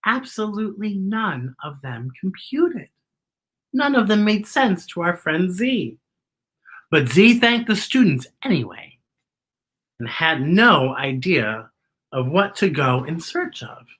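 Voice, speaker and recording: A woman reading a picture book aloud to children, animated and pointing out the illustrations. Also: lowish voice, slow pace, breathy edge. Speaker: children's storyteller.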